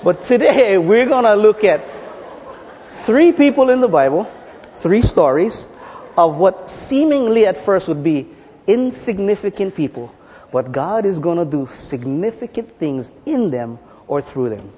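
Speaking a little slowly in a high-sitting voice, a pastor preaches in a large hall. His lively sermon mixes playful storytelling with jokes.

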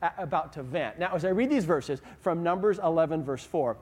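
A man delivers a sermon in an animated, conversational way, tossing questions out to the congregation. His voice sits high for a man. A long reverb from the church sanctuary trails behind every phrase. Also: brisk, breathy edge. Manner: animated storytelling, asks the audience questions. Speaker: pastor. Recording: long reverb of a large hall.

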